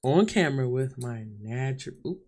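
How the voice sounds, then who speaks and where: Chatting openly with her viewers on a live vlog, a woman calls them y'all and honey as she speaks into the camera mic. Her extremely low, darkish voice has lively intonation and a normal speed.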